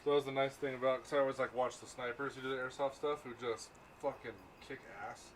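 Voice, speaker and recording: A man's voice: medium pitch, little pitch movement, fast. A man chatting casually with friends on an outdoor patio, rambling and swearing often. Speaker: host. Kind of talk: casual chat. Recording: noisy outdoor ambience.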